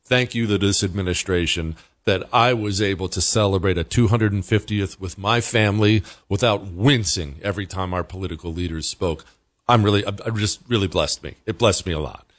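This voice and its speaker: A man's voice: sits low, brisk, fairly bright tone, dry recording. A male host giving casual, emphatic commentary, with stammered restarts.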